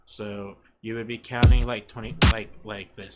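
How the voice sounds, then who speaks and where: Low-voiced man explaining beats over music. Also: fairly even intonation, normal speed, hardly any pauses. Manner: casual, profane, counts beats aloud. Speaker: music producer host. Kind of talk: casual production tutorial. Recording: music playing underneath. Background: music playing.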